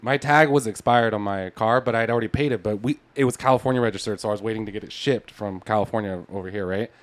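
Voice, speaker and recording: Man, fast talker, casual podcast chat, animated storyteller, acts out quotes, swears a lot. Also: on the low side.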